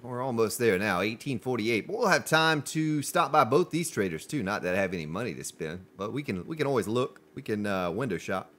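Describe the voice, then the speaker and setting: A man's voice: fairly low pitch, animated, brisk, few pauses, a bit bright. A man chatting to viewers while he streams a survival game, joking and commenting as he plays. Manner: chatty, jokey, talks to viewers. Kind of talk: live gameplay commentary.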